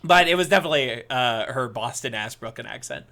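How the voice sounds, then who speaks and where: A man hosting a podcast in casual chat over a video call, animated and playful, with lots of filler words. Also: mid-range voice, brisk, a little hiss or hum.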